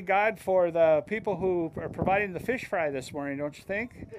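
A man leading casual announcements at an outdoor church service, speaking in a relaxed, halting way with many fillers. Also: high voice, noisy background.

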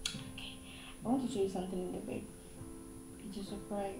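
A woman's voice: medium pitch, steady tone, fairly quick, echoey room, over music, lightly acted. A woman with a Ghanaian accent playing an affectionate, generous girlfriend in a comedy drama, coaxing and tender. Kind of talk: comedic film acting, Ghanaian English.

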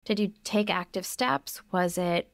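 A woman's voice: medium pitch, measured pace, creaky, no echo. A woman hosting a podcast interview, asking thoughtful, reflective questions. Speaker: podcast host.

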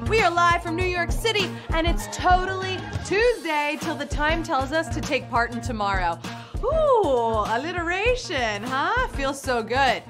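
A woman's voice: very high-pitched, very animated, measured pace, over music. A young woman hosting a live quiz show, playful and punny, chatting with her players. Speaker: game show host. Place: studio in New York.

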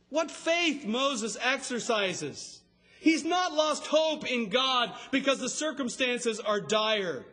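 A man preaching an expository sermon, emphatic and rising to a shout on key words. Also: sits high, sing-song, slow, husky. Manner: expository, explains scripture line by line. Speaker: pastor.

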